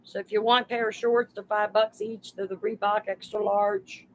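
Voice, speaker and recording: A woman's voice: mid-range voice, flat delivery, moderate pace, a little hiss or hum, poor audio. A woman hosting a live sale stream, chatting homily and greeting viewers by name as she prices items. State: overheated.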